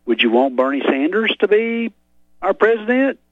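A man's voice: high voice, very animated, moderate pace, no room sound. A man on a talk radio show, answering hesitantly with many stammered restarts. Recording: dull dry radio audio.

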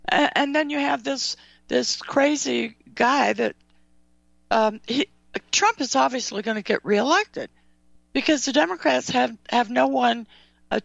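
A high-pitched woman with a gravelly edge, ranting on talk radio with heated frustration and quick apologies. Her voice comes through dry, as if close to the mic. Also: dry recording. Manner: angry, ranting, apologetic asides. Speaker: radio show host. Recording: dull dry radio audio.

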